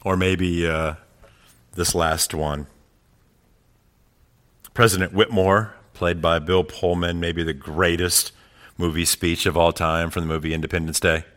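A man preaching a sermon who swells into loud, rousing passages and then drops to quiet, reflective asides. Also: low-pitched, level tone, unhurried, pauses often. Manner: builds to loud climaxes quoting speeches. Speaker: pastor.

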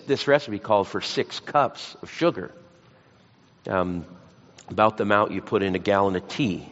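A man preaching a sermon, mixing scripture with folksy, self-deprecating stories. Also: lowish voice. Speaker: pastor. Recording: lo-fi church hall recording.

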